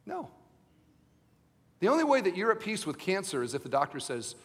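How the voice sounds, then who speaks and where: High-voiced preacher in a reverberant hall. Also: male voice, huge pitch swings, normal speed, slightly rough. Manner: emphatic, repeating rhetorical questions. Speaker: pastor. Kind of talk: sermon.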